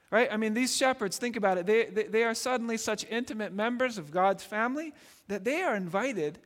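High-voiced man preaching in a reverberant hall. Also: a bit bright. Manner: conversational, repeats words, frequent tag "right?". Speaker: pastor. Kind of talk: sermon.

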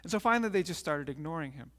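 High-voiced pastor in a reverberant hall. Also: male voice, rapid-fire. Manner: animated storytelling, acts out characters. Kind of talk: sermon and children's story retelling.

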